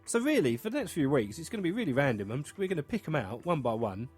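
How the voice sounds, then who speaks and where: Young man, podcast host, quick rambling chat, lively pitch, faint music behind. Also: breathy edge. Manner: chatty, rambling, jokey; puts on silly greeting voices. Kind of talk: casual chat.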